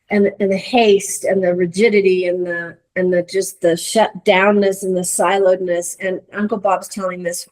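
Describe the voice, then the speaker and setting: A woman's voice: on the low side, low-quality recording. A woman guest in an interview, telling stories earnestly and with feeling, restarting her phrases often. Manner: earnest, emotive storyteller with restarts. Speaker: leadership coach and guest. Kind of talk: storytelling in conversation.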